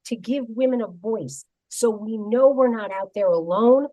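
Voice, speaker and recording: A woman's voice: fairly high pitch, a little slow, dark tone, rough recording. A woman hosting a radio talk show, speaking in an encouraging, emphatic way in casual interview chat.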